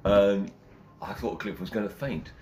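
An older man, a former radio presenter, telling anecdotes lively in an interview and acting out the quotes. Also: fairly low pitch, measured pace. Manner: animated, acts out quotes and laughs. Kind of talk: anecdotal storytelling.

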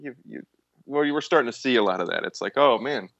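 A man guesting on a podcast, chatting casually about acting as a rambling, animated storyteller who restarts often. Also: mid-range voice, fast, muffled recording. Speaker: guest, actor and musician.

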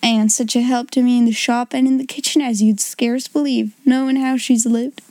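A good-natured, chatty shopkeeping baker woman with homely, rough-edged speech, as a woman reader puts her on. Her voice is mellow and close, with a dry sound. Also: on the high side, fairly even intonation, moderate pace, no echo, natural voice. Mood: cheerful.

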